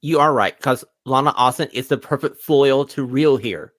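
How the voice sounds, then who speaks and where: A man's voice: medium pitch, moderate pace, a bit bright, no echo, studio quality. A man co-hosting a wrestling podcast, talking up matches in an upbeat, emphatic way. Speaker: podcast co-host. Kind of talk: casual wrestling podcast chat.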